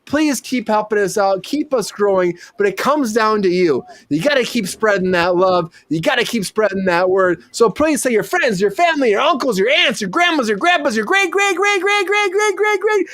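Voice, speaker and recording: A man's voice: high-pitched, expressive, fairly bright tone, no room sound, studio quality. A male host of a live comedy talk show, rambling and riffing with lots of swearing. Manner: rambling, profane, riffing rapid-fire.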